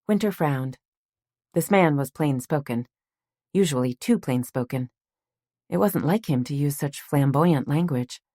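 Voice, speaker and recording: A woman with a low voice reads an audiobook calmly and at an even, measured pace. The recording is close and dry, with no sound of the room. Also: dry recording. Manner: calm, measured storytelling. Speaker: audiobook narrator. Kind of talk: scripted narration.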